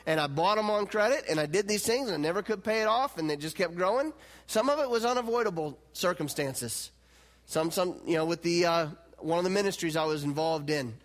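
A man preaching a sermon as pastor, animated and swinging between loud, emphatic lines and hushed, quiet ones. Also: sits high. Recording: long hall reverb.

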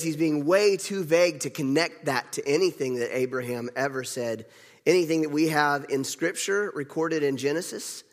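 Man preaching a sermon, a bit high-pitched. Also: long reverb tail. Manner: conversational, animated retelling with laughs.

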